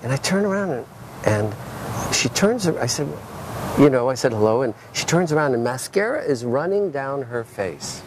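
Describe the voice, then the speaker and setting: A man's voice: mid-range voice, sing-song, moderate pace, background noise. A man who works as an art dealer, chatting casually in a restaurant, often restarting and repeating words as he tells anecdotes. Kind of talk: casual conversation, telling anecdotes.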